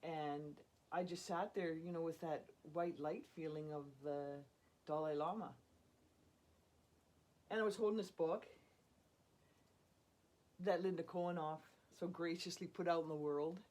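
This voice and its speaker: A woman tells a personal story in a relaxed, chatty way. Her voice sits a little low, and she keeps it animated, laughing often and acting out what others said. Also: a little slow, pauses often. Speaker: storyteller guest.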